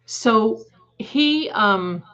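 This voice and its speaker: A woman's voice: fairly high pitch, animated, drawn-out words, fairly bright tone. A woman hosting a live stream, chatting casually in a rambling, emphatic way and often correcting herself mid-sentence. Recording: dull lo-fi stream audio.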